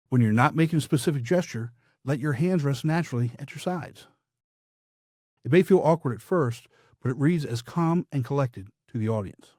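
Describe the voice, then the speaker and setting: Husky-voiced male speaking coach. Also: mid-range voice, a little mellow, no echo, studio quality. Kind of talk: scripted podcast instruction.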